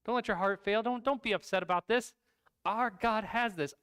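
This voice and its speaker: A preacher putting on brash young David. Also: male voice, normal speed, clean tone, no room sound, studio quality. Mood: reassuring. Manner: incredulous, excited, talks up high. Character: young shepherd boy David, brash and confident.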